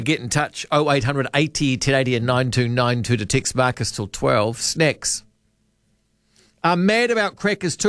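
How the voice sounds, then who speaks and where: A man's voice: fairly high pitch, a bit bright, no room sound, clean studio sound. A man with a New Zealand accent hosting a late-night radio talk show, chatting casually and quizzing his callers. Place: radio studio. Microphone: studio microphone.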